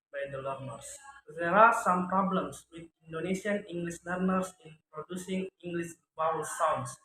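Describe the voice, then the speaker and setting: A man reading a phonetics lesson aloud as a student presentation, sounding out each speech sound deliberately. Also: a little high, fairly even intonation, pushed and bright. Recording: echoey room with faint ambient noise.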